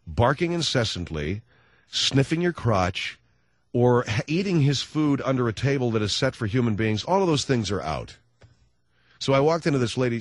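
A man's voice: medium pitch, no echo. A man hosting a radio talk show, telling a sardonic comic rant in a studio. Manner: sardonic, ranting storyteller. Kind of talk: comedic radio monologue.

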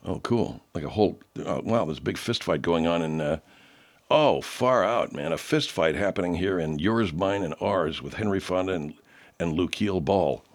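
A man's voice: deep voice, moderate pace, darkish tone. A man hosting a show, chatting casually and loosely while he plays listener clips, swearing freely. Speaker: show host playing listener submissions. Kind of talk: casual chat.

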